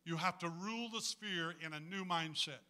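Bright, high-voiced male preacher. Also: normal speed, smooth. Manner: folksy, humorous, calls on the congregation. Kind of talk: sermon.

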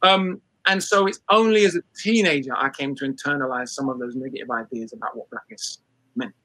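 British male speaker, emphatic talk, forceful husky tone. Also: medium pitch, no room sound, rough recording. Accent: British English. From England. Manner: fast, emphatic, many restarts. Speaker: speaker on race and class. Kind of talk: talk to an audience.

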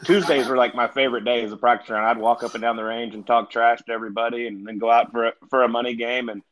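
A man's voice: medium pitch, steady tone, quick pace, fairly bright tone, low-quality recording. A middle-aged man, a retired golfer as podcast guest, telling stories in a chatty, laid-back way and laughing along. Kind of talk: casual podcast storytelling.

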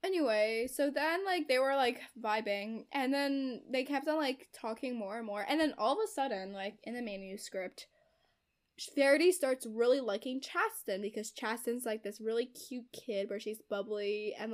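Young woman, higher voice, breathless plot-recap energy, constant "like", acts out quotes. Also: normal speed. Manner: chatty, heavy use of "like" as filler; acts out characters' quoted lines. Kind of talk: casual chat retelling a novel's plot.

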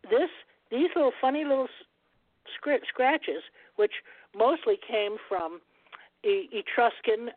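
A woman's voice: mid-range voice, no echo. A woman guest on a phone-in radio interview, talking at length in a rambling, digressive way and ending her turns with "over". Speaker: guest rune scholar. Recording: tinny phone line, dry.

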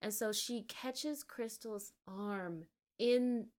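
A woman co-hosting a casual podcast, recapping a film scene by scene with animated storytelling and frequent swearing. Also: a little high. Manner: retells scenes in rapid run-on clauses. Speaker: podcast co-host. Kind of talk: casual movie recap chat.

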